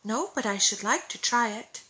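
A woman voicing a gentle, kindly motherly schoolmistress in a storybook reading. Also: fairly high pitch, lively intonation, normal speed. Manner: gentle, warm instruction.

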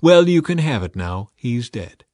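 A man reading the lines of a scheming, proud queen in a demanding, brisk way. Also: mid-range voice, very animated, a little mellow, no echo, clean studio sound. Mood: scornful.

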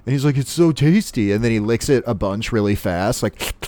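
A man chatting casually as a podcast co-host, recapping a cartoon episode and acting out the characters' lines in quick voices. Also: lowish voice, a little mellow, slight background noise.

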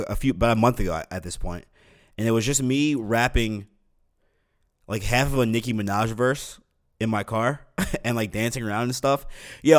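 A young man hosting a podcast alone, rambling casually with lots of fillers, restarts and swearing. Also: medium pitch. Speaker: podcast host. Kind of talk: casual solo podcast rant.

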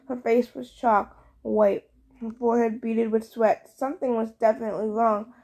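Lady reading an audiobook, lively and expressive, fairly high voice. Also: normal speed. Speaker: audiobook narrator. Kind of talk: audiobook narration in first person.

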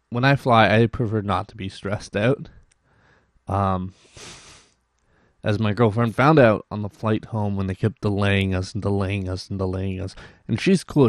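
A man's voice: fairly low pitch, no room sound, clean studio sound. A young Canadian man hosting a podcast, rambling through a casual story with many restarts and acted-out quotes. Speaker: podcast host.

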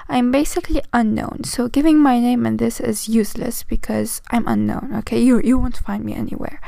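A woman's voice: on the high side, fairly even intonation, fairly quick, vocal fry, dark tone, dry recording. A woman of twenty with a non-native English accent, hosting a casual solo podcast, tired and rambling with self-mocking asides. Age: 20s. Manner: rambling, self-mocking, with restarts and frequent "okay?". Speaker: podcast host.

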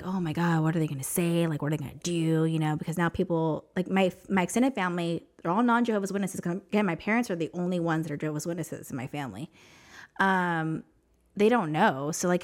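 A woman from New Mexico, a podcast guest, telling a personal story in casual, emotional, rambling talk full of fillers. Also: fairly low pitch.

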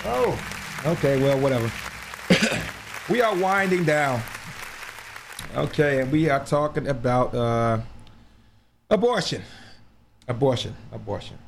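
A man's voice: medium pitch, lively intonation, a little slow, gravelly, pauses often, some chatter behind, a little hiss or hum. A man hosting a show, talking in a casual, rambling monologue that repeats words and breaks into laughs. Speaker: podcast host.

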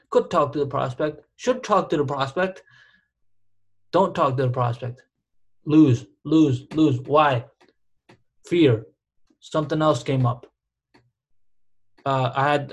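A man co-hosting a podcast in casual chat, emphatic and repetitive, dropping slang like dude and bro. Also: medium pitch. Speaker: podcast co-host.

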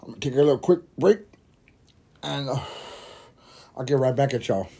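A man hosting a podcast, telling a rambling, swear-filled story while high and laughing at his own jokes. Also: moderate pace, gravelly, mellow, breathy edge. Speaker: podcast host. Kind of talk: casual storytelling monologue.

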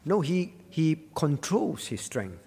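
A man's voice: fairly high pitch, big pitch swings, slow pace, vocal fry, mellow, breathy edge, long reverb tail. A male pastor preaching a sermon at a prayer meeting, earnest, teaching with rhetorical questions and fillers. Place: church.

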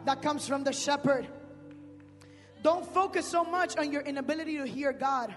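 High-voiced preacher shouting in a reverberant hall. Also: male voice, steady tone, normal speed, faint music behind. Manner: swings between shouting and hushed speech; street-slang preaching. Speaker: pastor. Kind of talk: sermon. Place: church sanctuary.

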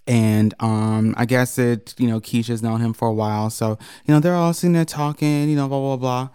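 A man co-hosting a podcast, telling a story in casual chat, animated and profane, jumping into high mocking quotes. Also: normal speed, smooth, dry recording, studio quality.

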